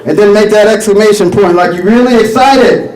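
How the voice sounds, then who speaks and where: A man performing a stand-up comedy set, rambling and animated with lots of filler phrases. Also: sits high, brisk, roomy sound, rough recording. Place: comedy stage.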